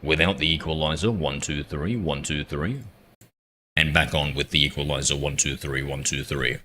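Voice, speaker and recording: A man's voice: extremely low pitch, steady tone, moderate pace, sharp tone, a little hiss or hum. A man live-streaming a game, chatting casually with his viewers in a rambling, self-deprecating way and reading their messages aloud. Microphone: streaming mic with noise suppression filter.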